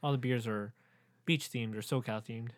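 A man's voice: medium pitch, fairly even intonation, moderate pace. Laid-back man in casual podcast chat. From California. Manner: laid-back, joking asides. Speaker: podcast co-host.

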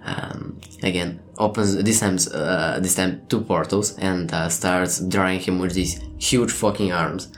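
Low-voiced man running a tabletop game. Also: steady tone, measured pace, hardly any pauses. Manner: rambling, hesitant, profane, often laughing. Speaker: game master.

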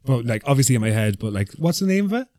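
A man's voice: medium pitch, sing-song, quick pace, mellow, no room sound, clean studio sound. A young Irish man with a Dublin accent, co-hosting a casual podcast chat, giggly and playful. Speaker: podcast co-host.

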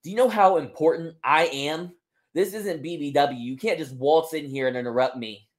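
A man's voice: a little high, normal speed, voice pushed down, close to an everyday voice. A man voicing a haughty, self-important woman wrestling champion who talks down to her rival. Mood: condescending. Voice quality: condescending, lecturing. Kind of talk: wrestling promo role-play.

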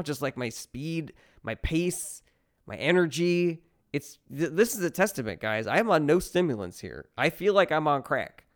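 A man's voice: medium pitch, a bit bright, clean tone. A man who is a stand-up comedian hosting a podcast, rambling through a profane, self-mocking casual monologue.

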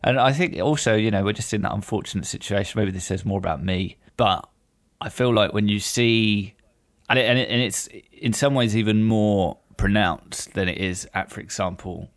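A man with a low, gravelly voice hosts a casual podcast chat. His humor is dry and self-deprecating. The sound is close and dry, with little room echo. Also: normal speed. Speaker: podcast host.

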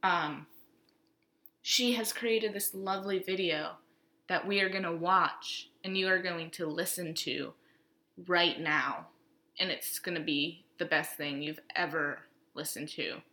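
A woman's voice: lowish voice, a little slow, bright, forceful tone. A woman co-hosting a student podcast, chatting casually and playfully and saying "like" a lot. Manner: playful, jokey, lots of "like". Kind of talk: casual chat. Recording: roomy echo.

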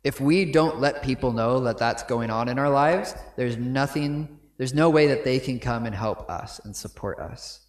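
A man's voice: medium pitch, moderate pace, hardly any pauses, roomy sound. A man giving a sermon in a conversational way, often checking in with his listeners with asides. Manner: conversational, frequent "right?" asides. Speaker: pastor. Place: church sanctuary.

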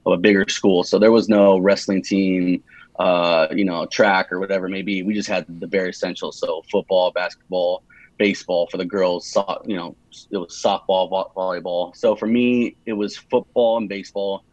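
A low-pitched male podcast guest, young and from California, in his twenties, talks at a moderate pace with little pitch movement and a darkish tone. His easygoing interview chat is rambling, with frequent restarts and fillers. Dull lo-fi recording, no echo.

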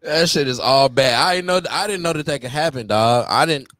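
A man's voice: medium pitch, a little fast, a bit bright, no echo. A man listening to a friend's story and reacting with short slangy remarks. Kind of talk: casual chat, listener reacting.

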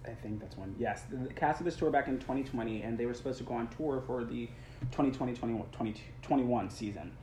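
A man's voice: mid-range voice, a little fast, dark tone. A young man who works as a stage actor, chatting earnestly in an interview, rambling a little with restarts and small laughs. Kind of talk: casual interview chat. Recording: roomy sound with faint background noise.

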